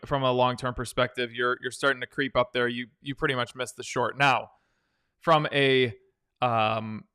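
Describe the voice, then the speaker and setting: A man's voice: mid-range voice, bright, forceful tone, clear, resonant tone. A man hosting a live stock-trading stream, chatting loosely through viewer questions and often restarting his sentences. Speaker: stock trading livestream host. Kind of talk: casual live-stream chart analysis.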